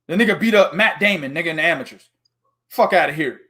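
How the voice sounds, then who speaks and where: A man co-hosting a boxing talk show, loud and animated, full of slang, profanity and laughter. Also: on the high side, fast talker. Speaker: boxing podcast co-host. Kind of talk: casual profane chat.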